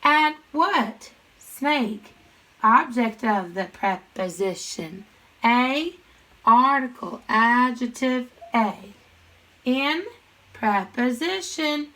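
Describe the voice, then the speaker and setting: A woman teaching a grammar lesson, chanting sentence parts in quick questions and answers and speaking to students directly. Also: on the high side, animated, pushed and bright, poor audio. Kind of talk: recorded classroom lesson.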